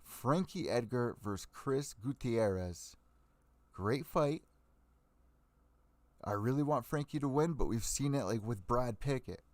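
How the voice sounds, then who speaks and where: Fired up and swearing a lot, a young MMA podcast host rants through live-stream commentary and makes fight predictions. He has a mid-range, darkish voice with lively intonation, talking a little slowly and pausing often, with no echo.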